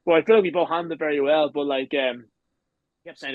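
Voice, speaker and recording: A man's voice: fairly high pitch, steady tone, rapid-fire, no room sound, narrow, tinny audio. A man in his twenties with an Irish accent, a podcast guest telling long rambling stories and swearing freely in casual chat. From Ireland. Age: 20s. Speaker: guest, pro wrestler.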